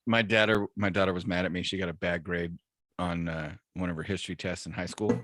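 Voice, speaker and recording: A man in his forties, a podcast co-host, telling puns and jokes in deadpan style and laughing at his own lines. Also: low-pitched, brisk, slight background noise. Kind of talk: casual joke-telling banter.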